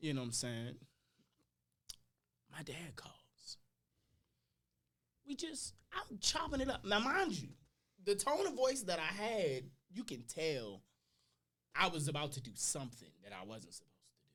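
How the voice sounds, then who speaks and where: A young adult man, a podcast guest, telling personal stories in casual slang, his voice swinging between loud and quiet. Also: a little high, wildly swooping pitch, normal speed.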